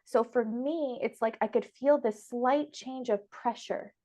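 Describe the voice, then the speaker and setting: A woman's voice: a little high, measured pace, dark tone. A young woman hosting a casual spiritual podcast conversation, chatty and emotional, laughing often. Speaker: podcast host and medium.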